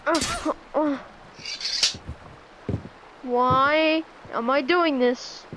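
High-voiced woman commenting on gameplay. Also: drawn-out words. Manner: excitable, chattering reactions. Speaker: gameplay streamer. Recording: noisy game audio behind.

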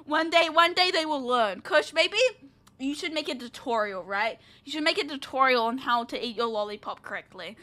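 A woman's voice: high voice, expressive, normal speed, sharp tone. A woman from New Zealand streaming a story game, chatting and teasing her viewers playfully with giggles. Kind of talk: casual let's-play chat.

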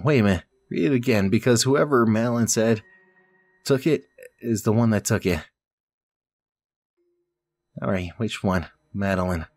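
Low-voiced, swearing gamer man. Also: dry recording. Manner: reads story text aloud, breaks off with swearing and muttering to himself. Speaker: let's play gamer. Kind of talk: casual game commentary and reading aloud.

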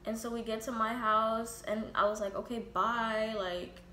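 At normal speed, a young vlogger speaks in a fairly high, bright, forceful voice with a steady tone, recounting a casual, profane story and candidly acting out her own lines and others'. The recording has a roomy echo, faint ambience, and slight background noise.

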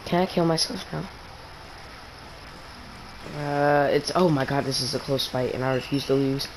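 A teenage boy chatting with friends over voice chat while playing an online game, excitable and prone to voice cracks when he yells. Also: medium pitch, moderate pace, slight background noise, poor audio. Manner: excitable, shouts during fights, voice cracks upward. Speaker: gamer streaming with friends. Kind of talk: casual voice chat while gaming.

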